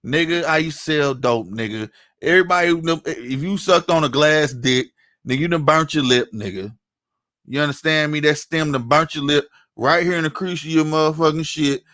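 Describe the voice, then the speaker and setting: An online commentator, a man with a fairly high, fairly bright voice, rants heatedly at normal speed, angry and profane, frequently slipping in "you know what I'm saying." The recording is clean studio sound with no room sound.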